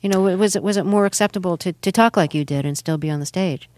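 Woman host, interviewer, lowish voice, dry studio sound, curious. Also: fast, a little mellow, no room sound. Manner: curious, conversational questioning. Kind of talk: radio interview.

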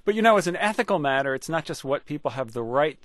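A man's voice: a little high, expressive, fast, no echo, clean studio sound. A man giving ethics advice as a radio guest, wry and joking, with frequent stumbling restarts.

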